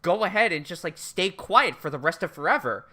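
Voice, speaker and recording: Bright-voiced low-pitched woman, very animated. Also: fairly quick. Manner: animated, swearing, acts out characters' lines. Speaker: podcast co-host. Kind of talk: casual recap chat.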